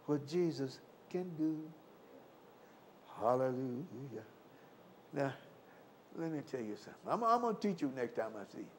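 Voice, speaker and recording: An older man preaching a live sermon, fervent and swinging from loud exclamations to low murmurs. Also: animated, normal speed, slight background noise. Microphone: live stream.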